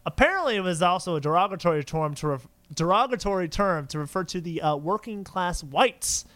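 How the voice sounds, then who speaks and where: A podcast host who keeps breaking into laughter and fumbles foreign names. He talks in a high, bright voice that jumps all over its range. The sound is dry and close. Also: animated, fairly quick, no echo. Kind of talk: casual chat.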